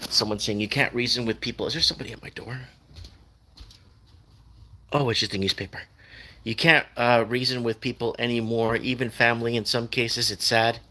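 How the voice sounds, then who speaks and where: A man's voice: medium pitch, fairly even intonation, brisk, pauses often, sharp tone. A man hosting a casual livestream, chatting loosely and reading viewer comments aloud.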